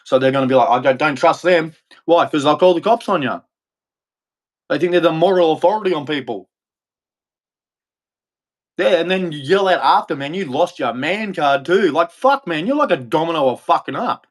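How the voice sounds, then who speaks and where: A man's voice: on the high side, expressive, normal speed, long pauses. An Australian man livestreaming an angry, profane rant, repeating insults over and over. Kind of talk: angry ranting monologue.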